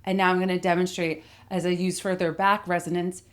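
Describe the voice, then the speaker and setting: A middle-aged woman voice coach giving a clear, articulate instructional lesson that demonstrates vocal techniques. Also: lowish voice, little pitch movement, a little fast.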